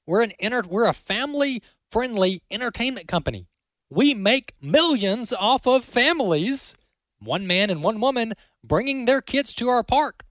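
A man's voice: very high voice, sing-song, normal speed, a bit bright, no room sound, pitched above the performer's own voice, exaggerated voice. A man putting on the voice of an imagined male company boss who insistently declares his firm's position.

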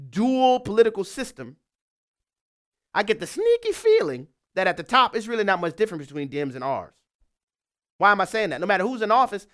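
A man's voice: high voice, fairly bright tone. A man giving an impassioned political monologue, emphatic and fired up, repeating his points. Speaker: political commentator.

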